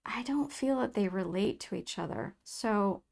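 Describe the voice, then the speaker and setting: A woman's voice: mid-range voice, expressive, measured pace, vocal fry. A woman giving a pick-a-card tarot reading to her viewers, musing aloud and reading out card meanings. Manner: soft, musing, reads card texts aloud. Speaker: tarot reader.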